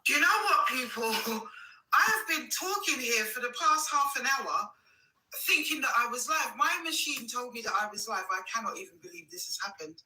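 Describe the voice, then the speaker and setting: A woman, talking softly and incredulously as a live streamer. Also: a little high, animated, brisk. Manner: soft, incredulous aside. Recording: echoey room from a distance.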